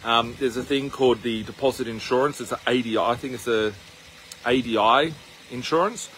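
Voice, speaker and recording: A man's voice: medium pitch, fairly quick, a bit bright, rough recording. Aussie guy vlogging on his phone outside, lots of ums, faint noise behind. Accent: Australian. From Australia. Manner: rambling, with many fillers and restarts. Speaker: investment channel host. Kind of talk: casual to-camera vlog. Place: outdoors on his farm, walking.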